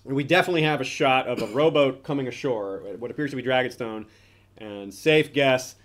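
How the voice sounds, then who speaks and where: A man of middling pitch talking through fan theories in a relaxed, casual way. He thinks aloud, circling back and restarting his sentences as he weighs possibilities. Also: a little fast. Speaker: podcast co-host.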